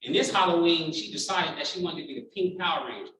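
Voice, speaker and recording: A man's voice: on the high side, fast talker, heavy background noise. A man in his thirties giving a keynote speech to a large room, telling a personal story with feeling and acting out what people said. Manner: heartfelt, animated storytelling with acted-out quotes. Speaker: keynote speaker. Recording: very echoey hall, voice from far off.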